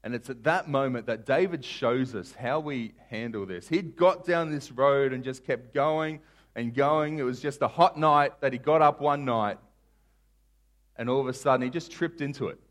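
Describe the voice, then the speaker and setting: A male pastor preaching a sermon, retelling a Bible story in casual modern terms and acting out the characters with big swings in loudness. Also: medium pitch.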